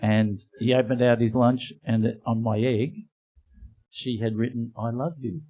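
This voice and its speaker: A man's voice: medium pitch, flat delivery, measured pace, phone-quality sound. Man telling a rambling anecdote. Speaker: podcast co-host. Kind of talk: live comedy podcast storytelling. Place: live venue with audience.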